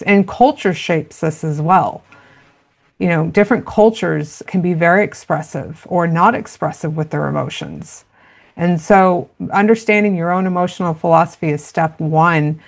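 Gravelly-voiced woman explaining parenting earnestly. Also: on the low side. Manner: earnest, explanatory, acts out quoted dialogue. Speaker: parenting expert guest. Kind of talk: conversational interview.

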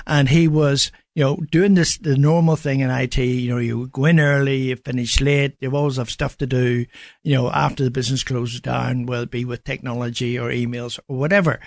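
A man's voice: mid-range voice, dry recording, clean studio sound. A man with an Irish accent, a guest on a radio show, telling a story with lots of "you know" fillers. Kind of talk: radio studio interview.

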